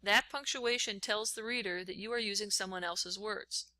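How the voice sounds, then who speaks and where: A woman's voice: medium pitch, normal speed, sharp tone, dry recording. A woman teacher talking step by step through a writing lesson while she types on screen. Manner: step-by-step, talks while typing.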